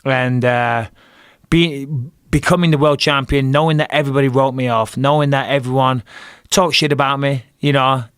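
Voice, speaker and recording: A middle-aged man telling a fight story in a casual podcast chat, animated and profane, with frequent restarts. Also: medium pitch, moderate pace, smooth, no room sound, clean studio sound. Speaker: guest, retired fighter and commentator.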